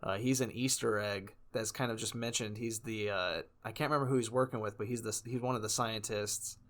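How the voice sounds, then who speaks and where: A man's voice: fairly low pitch, fairly even intonation, brisk, a bit bright. A man co-hosting a podcast, chatting casually about films and laughing often. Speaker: podcast co-host. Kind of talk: casual chat.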